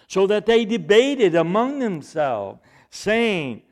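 Male preacher, high voice, lively pitch, slow deliberate delivery, emphatic bursts. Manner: animated Bible exposition, rising to loud emphatic bursts. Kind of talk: sermon.

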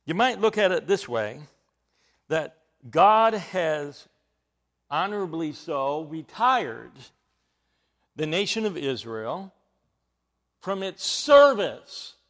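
A male preacher with a high voice that swings widely as he teaches. He speaks slowly and deliberately, building to emphatic, rising bursts. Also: sing-song, a bit bright. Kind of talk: sermon.

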